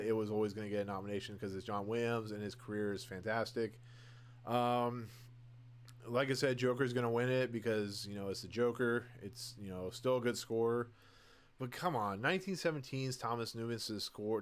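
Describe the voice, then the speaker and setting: A young man hosts a podcast of casual solo commentary, his smooth, mid-range voice moving at a moderate pace. He rambles through his opinions with many fillers and restarts, gushing about favorites and speaking candidly about what he dislikes.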